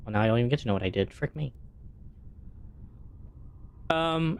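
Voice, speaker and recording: A man's voice: medium pitch, animated, normal speed, clean tone. A man streaming a game, chatting casually and answering his chat as he plays. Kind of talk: casual chat while gaming.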